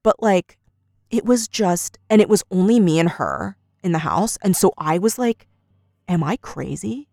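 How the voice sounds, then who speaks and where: Woman podcast co-host, mid pitch, lively storyteller, dry close sound. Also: moderate pace, dry recording. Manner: animated storyteller, acts out quoted lines. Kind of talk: casual chat, retelling an argument.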